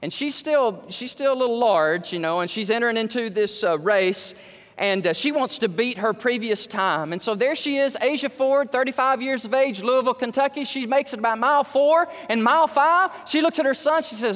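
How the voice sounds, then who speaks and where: A man with a high voice preaches a storytelling sermon, building from calm narration into excited, emphatic peaks. His voice rings out in the long reverb of a large hall. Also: brisk.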